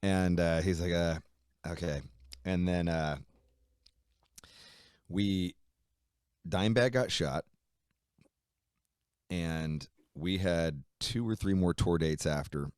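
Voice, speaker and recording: Man guest, very low voice, dry close recording, casual storyteller who swears a lot. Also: slow, long pauses, clear, resonant tone, no room sound. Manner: swears freely, animated storytelling with quoted dialogue. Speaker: musician guest.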